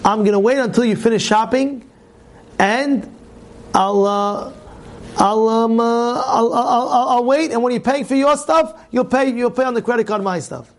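A man voicing an indignant stranger in a store, shouting. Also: extremely high pitch, moderate pace, pitched above the performer's own voice. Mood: pleading. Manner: shouting, pleading then outraged.

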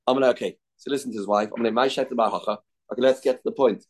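A man giving a daily Talmud class, retelling the rabbis' exchanges with animated back-and-forth and Aramaic terms mixed into his English. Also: medium pitch, very fast, rough recording. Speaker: Talmud teacher. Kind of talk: daf yomi lesson, retelling a Talmud story.

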